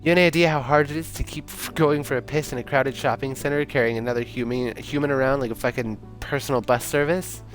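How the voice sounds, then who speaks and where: A man's voice: medium pitch, fairly even intonation, fast talker, hardly any pauses, soft background music, lightly acted. A man voicing a blunt, sweary, sardonic pregnant young woman in a taxi, read from a story game. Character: feisty pregnant young English woman passenger.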